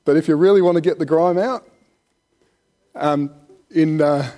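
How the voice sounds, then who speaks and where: A man preaching a relaxed, conversational sermon, with rhetorical questions and chuckles. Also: on the high side, unhurried. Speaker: pastor.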